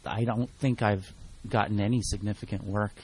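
A man's voice: on the low side, a little fast, slightly rough. A chatty man co-hosting a radio show, talking casually in a radio studio. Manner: chatty, animated when acting out clients. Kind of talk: casual chat.

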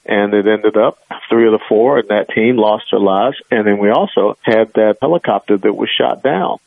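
Man, radio guest, emphatic, earnest, low voice, dry, tinny phone sound. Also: moderate pace, vocal fry, no room sound. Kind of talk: radio interview.

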